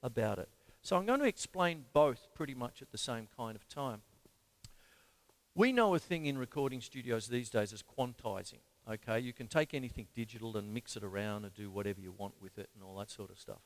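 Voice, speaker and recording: A man's voice: medium pitch, animated, a little fast. A man from Australia teaching drums on a live stream, chatting casually and counting beats aloud while he plays. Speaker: drum teacher. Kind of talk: live-streamed drum lesson. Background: drum kit playing.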